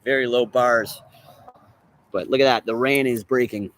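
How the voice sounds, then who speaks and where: A man streams live on his phone while standing outdoors in a motel parking lot in the drizzle. He rambles along in a chatty way, swearing freely, and his voice sits in a middle pitch. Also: fairly even intonation, normal speed, a bit bright. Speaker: vlogger. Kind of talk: live-streamed walking vlog.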